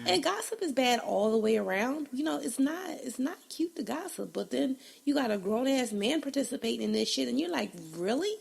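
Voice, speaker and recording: A woman's voice: high-pitched, animated, a little fast, creaky, hardly any pauses, breathy edge. A woman hosting a casual solo podcast, blunt and profane, laughing often, a bit congested. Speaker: podcast host.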